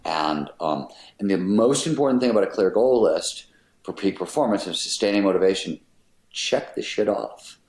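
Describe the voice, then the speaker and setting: A man's voice: low voice, lively intonation, moderate pace, a little mellow. A middle-aged man, a podcast guest, explaining his ideas in an emphatic, casual way, with an occasional swear word. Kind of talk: casual interview talk. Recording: roomy echoey sound.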